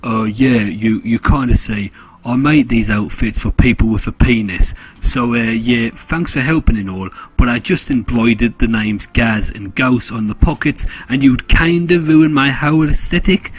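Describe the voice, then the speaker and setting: A man's voice: mid-range voice, moderate pace, husky, close to an everyday voice, poor audio. A man voicing an awkward, shifty army captain who mumbles and hesitates. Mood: sheepish.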